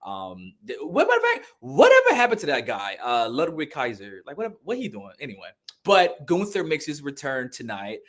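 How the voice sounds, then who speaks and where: A man co-hosting a casual wrestling podcast, excitable and jokey, rambling with slang and restarts. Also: a little high, normal speed. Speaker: podcast co-host.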